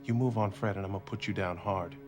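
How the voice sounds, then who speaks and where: A man's voice: lowish voice, fairly even intonation, brisk, over music, natural voice. A man playing a tough, hot-headed young brawler. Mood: menacing. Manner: threatening and blunt. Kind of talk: TV drama dialogue.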